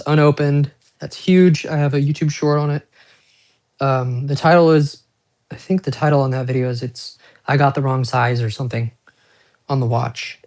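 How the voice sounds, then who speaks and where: Rambling, foul-mouthed man showing off watches. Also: medium pitch. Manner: rambling, profane, self-mocking; chatty asides to viewers. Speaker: watch collector and streamer. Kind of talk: casual live-stream show-and-tell.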